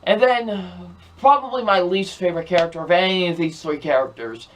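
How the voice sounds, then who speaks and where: A man's voice: sits high, a little fast, a bit bright, a little hiss or hum. A young man giving a ranting, repetitive movie review, sounding exasperated as he keeps circling back to the same complaints. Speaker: film reviewer.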